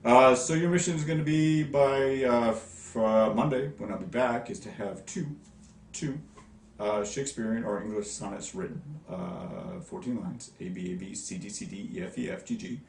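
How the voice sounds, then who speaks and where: A man teaching a recorded lesson to his class, lively and demonstrative, sounding out stresses. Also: medium pitch, moderate pace, echoey room, recorded from a distance, slight background noise. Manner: lively, demonstrative, sing-song stress demos.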